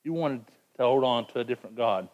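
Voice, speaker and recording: A man's voice: mid-range voice, animated, quick pace, a little mellow, dull audio. A man preaching a sermon in an earnest, emphatic way, often repeating words as he presses a point. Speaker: pastor.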